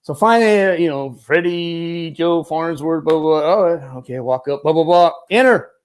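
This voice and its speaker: A middle-aged man, a former Marine, tells animated stories in a casual interview, laughing often and restarting his sentences. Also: on the high side, moderate pace, clean tone. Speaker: guest, former Marine turned film military advisor.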